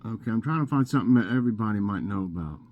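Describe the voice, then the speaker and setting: A man hosting a casual vlog, reading trivia questions aloud and thinking out loud with fillers. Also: fairly low pitch, animated, very fast, muffled recording. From Scotland. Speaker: vlog host.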